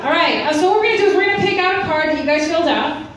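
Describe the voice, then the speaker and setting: Woman, high voice, bubbly host, live trivia, echoey club, crowd. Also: lively intonation, racing. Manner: bubbly, joking banter with the crowd. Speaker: show co-host. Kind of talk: hosting a live trivia segment. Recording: roomy club, distant mic, crowd.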